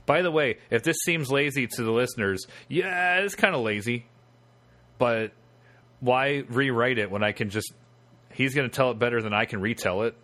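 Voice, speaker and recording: A man's voice: medium pitch, moderate pace, pushed and bright. A man co-hosting a podcast, telling a story with sarcastic asides in casual chat. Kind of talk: casual podcast chat, reading excerpts aloud.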